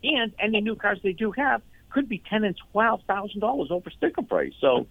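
A man who owns a car dealership, speaking as a guest in a casual interview, earnest and full of quick restarts. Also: sits high, very animated, vocal fry, no room sound, phone-quality sound.

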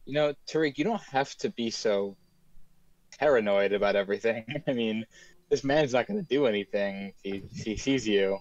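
A man's voice: fairly low pitch, normal speed, muffled recording. A man playing in a tabletop game, speaking politely and hesitantly, often stumbling over his words. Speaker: player. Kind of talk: casual tabletop play.

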